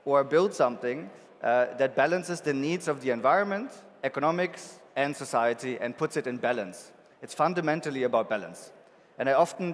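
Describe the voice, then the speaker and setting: A man's voice: fairly high pitch, long reverb tail. A man with a German accent giving a casual, joking conference talk, with lots of filler ums. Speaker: conference speaker. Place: large conference hall.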